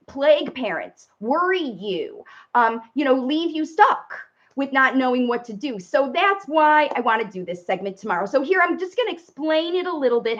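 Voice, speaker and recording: A woman's voice: high voice, a bit bright, muffled recording. A woman parent coach giving a chatty live-stream talk, speaking directly to viewers and walking them through steps. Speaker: parent coach and speech facilitator.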